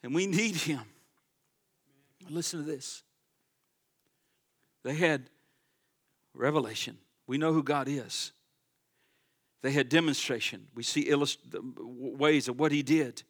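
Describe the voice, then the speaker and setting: High bright-voiced fervent preacher man. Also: unhurried, long pauses. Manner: fervent preaching that swings between loud declarations and quiet asides. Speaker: pastor. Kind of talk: sermon. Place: church sanctuary.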